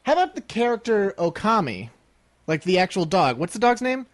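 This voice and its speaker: A young man co-hosting a podcast, chatting casually and playfully, cracking jokes and clearing his throat now and then. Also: high voice, very animated, a little fast, dry recording. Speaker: podcast co-host.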